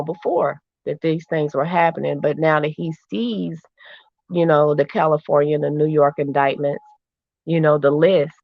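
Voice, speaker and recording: A woman's voice: low-pitched, gravelly, no echo. Woman guest, earnest and insistent, dry dull lo-fi audio. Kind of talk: casual chat.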